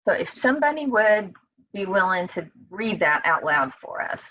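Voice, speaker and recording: A woman's voice: medium pitch, very animated, moderate pace, a bit bright, dry recording, highs cut off. A woman teaching a casual Bible study over a video call, talking in a conversational way and acting out the psalmist's cries.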